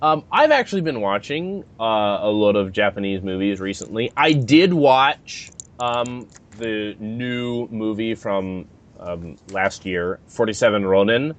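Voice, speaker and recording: Halting man chatting on a podcast. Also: lowish voice, lively intonation. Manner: hesitant, halting, many fillers and restarts. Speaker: podcast co-host. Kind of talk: casual chat.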